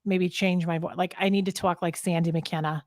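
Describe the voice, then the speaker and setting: A woman from New York chatting as a guest, animated and jokey, breaking into playful impressions. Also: on the low side, moderate pace, no echo, clean studio sound. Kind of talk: casual chat.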